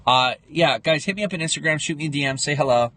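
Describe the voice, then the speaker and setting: A man's voice: on the high side, fast talker, pushed and bright. A man in his twenties chatting casually on a livestream, rambling as he answers viewer comments. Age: 20s. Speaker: livestream host. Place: home livestream, in Pennsylvania.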